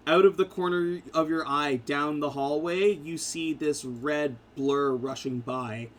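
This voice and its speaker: Man, game master, casual halting narration, slightly high voice, faint background hiss. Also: steady tone. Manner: casual, halting, with fillers and restarts.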